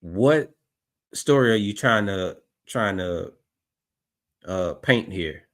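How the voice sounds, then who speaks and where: A man's voice: fairly low pitch, expressive, takes it slowly, a bit bright. A man commenting on footage, doubtful and repeating himself as he questions a story. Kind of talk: skeptical commentary.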